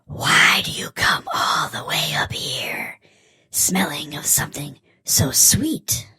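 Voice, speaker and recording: A sly old witch who rhymes everything, breathy and teasing, as a male storyteller puts her on. The voice sits high and swoops all over, and every word is slow and drawn out. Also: big pitch swings, a bit bright, dry recording, studio quality, exaggerated voice. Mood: sly whisper. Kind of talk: storybook voice acting.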